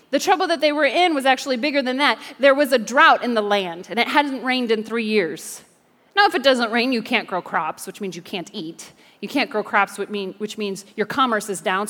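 High-voiced woman preaching in an echoing church. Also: a bit bright. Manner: playful storytelling with jokes and audience call-and-response. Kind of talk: sermon. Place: church sanctuary. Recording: long reverb of a large church hall.

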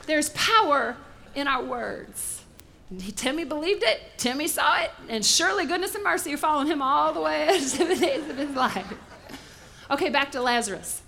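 Woman pastor, bright tone, animated sermon delivery. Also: high voice, moderate pace, creaky, slight background noise. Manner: animated preaching, acts out voices in asides.

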